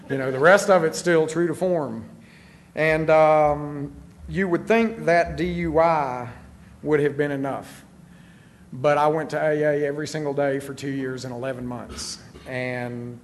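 Middle-aged man, plain mid-pitched voice, frank and self-deprecating storyteller; light background noise. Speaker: recovery speaker. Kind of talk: personal recovery talk.

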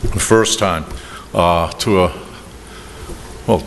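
Middle-aged guy w/ a boston accent rambling thru his story, lots of restarts and little laughs, big echoey room. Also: low voice. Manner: rambling, halting, frequent restarts and chuckles. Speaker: speaker sharing his drinking story. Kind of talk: personal testimony at a recovery meeting. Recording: reverberant hall with faint noise.

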